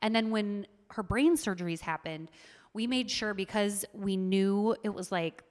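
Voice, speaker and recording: A woman's voice: medium pitch, measured pace, long reverb tail. A woman with a Minnesotan accent, chatting earnestly as a podcast guest, with lots of "like" fillers. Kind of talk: casual interview chat.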